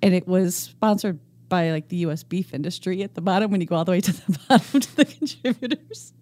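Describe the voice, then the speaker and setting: A woman's voice: lowish voice, brisk, mellow, no echo. A woman from Northeast Pennsylvania co-hosting a podcast in casual chat, teasing her partner and laughing easily. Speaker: podcast co-host.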